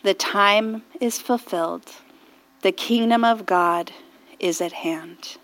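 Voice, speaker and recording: A woman pastor with a mid-range voice preaches slowly, in an earnest and reflective manner. She often drops to a hushed near-whisper, then rises to fervent intensity in prayer.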